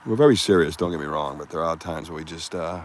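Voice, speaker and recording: Joking deep-voiced man hosting outdoors. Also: fast, a little hiss or hum. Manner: joking, loose banter. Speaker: podcast host. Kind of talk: casual outdoor live stream. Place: outdoors in woods by water. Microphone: phone.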